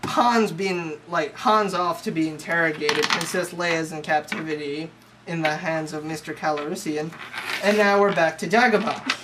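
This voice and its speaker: A young storyteller rambles through a crude, slangy movie recap, scattering "like" everywhere. The voice sits at an ordinary middle pitch. Steady hiss runs under the home recording. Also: normal speed. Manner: slangy, profane, rambling with lots of "like". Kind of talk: casual comic movie recap.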